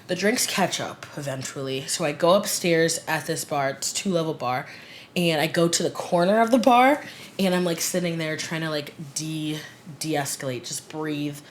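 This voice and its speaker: A young woman telling, for a wedding film, how she met her partner; she is animated, laughs often and acts out the lines she quotes. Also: deep voice, normal speed, slight background noise. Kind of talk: casual storytelling to camera.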